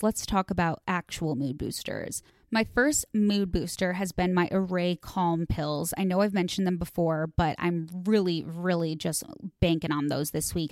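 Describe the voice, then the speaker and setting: A woman's voice: lowish voice, darkish tone, dry recording, studio quality. A young woman hosting a podcast, talking casually and gushing, with lots of "like" and restarts between ad reads. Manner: chatty, gushing, filler-heavy. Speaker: podcast host.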